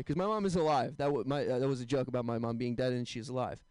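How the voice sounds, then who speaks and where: A young man doing a stand-up set, telling deadpan one-liners with quick asides to the crowd. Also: medium pitch, no room sound. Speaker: stand-up comedian. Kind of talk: stand-up set at an open mic.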